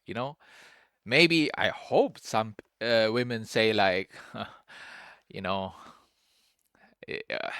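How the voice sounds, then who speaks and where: A man's voice: mid-range voice, slow pace, bright, forceful tone, smooth, no room sound, studio quality. A young man giving casual, rambling commentary as a streamer reacting to a clip, restarting his sentences often and calling everyone "bro". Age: young adult.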